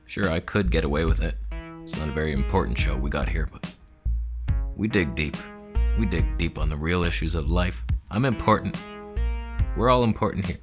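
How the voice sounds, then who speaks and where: A man's voice: very deep voice, moderate pace, long pauses, music in the background. A man vlogging a sarcastic, exasperated comedy rant about a camera.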